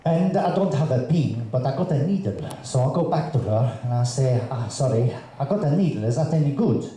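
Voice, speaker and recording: Halting stand-up comic in an echoey theatre. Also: male voice, medium pitch, lively intonation, mellow. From Russian parents, raised in Colombia. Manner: hesitant, halting delivery with many fillers. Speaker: stand-up comedian. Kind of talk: stand-up comedy set on stage. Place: theatre stage before a live audience. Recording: echoey theatre with audience ambience.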